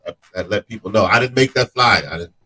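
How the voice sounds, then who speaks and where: A man co-hosting a casual chat show, animated, often repeating words and laughing. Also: fairly low pitch, fast talker, husky. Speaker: co-host.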